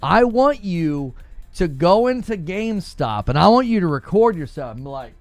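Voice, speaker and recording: A man's voice: high voice, very animated, normal speed, darkish tone, soft background music. A man hosting a gaming live stream, chatting casually, reading viewer comments and laughing often as he riffs on jokes.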